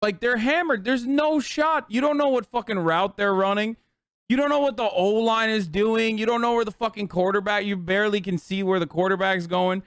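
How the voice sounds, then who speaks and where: A man's voice: high-pitched, moderate pace, a bit bright, smooth, no room sound, clean studio sound. A man in his thirties telling a rambling, sarcastic, profane story on a casual livestream. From United States. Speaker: streamer.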